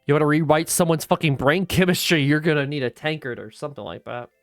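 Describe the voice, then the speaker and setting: A woman's voice: sits low, fast talker, no room sound, clean studio sound, faint music behind. A woman giving casual, rambling let's play commentary, swearing freely as she goes. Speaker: gaming streamer.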